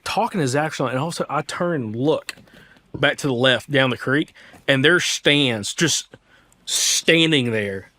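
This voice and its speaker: A man's voice: medium pitch, sharp tone. A young man from Alabama, a hunting podcast host, casually retelling a hunt in a rambling way with quoted dialogue. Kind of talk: casual storytelling.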